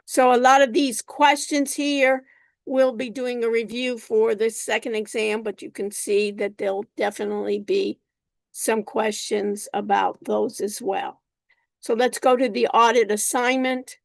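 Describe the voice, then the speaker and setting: A woman instructor lecturing her class over a video call, unhurried, often repeating herself and calling on students by name. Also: fairly high pitch, steady tone, vocal fry, no room sound. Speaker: college instructor.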